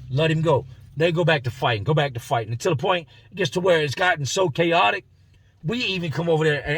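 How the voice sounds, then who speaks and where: Casual male storyteller, slangy and husky, slightly higher voice, dry in-car sound. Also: a little fast. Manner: slangy, conversational, acts out the voices in his story. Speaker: vlogger telling a prison story. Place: inside a car.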